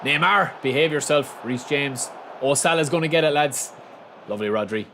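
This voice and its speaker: Chatty excitable male game streamer. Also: a little high, normal speed, a little hiss or hum. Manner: chatty, excitable, bursts into shouts at goals. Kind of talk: casual live-stream commentary while playing.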